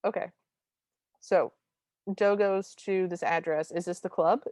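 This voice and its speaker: Lower-voiced woman podcast co-host, dry asides. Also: fairly even intonation, measured pace, darkish tone, dry recording. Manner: short wry reactions and dry asides. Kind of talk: casual chat.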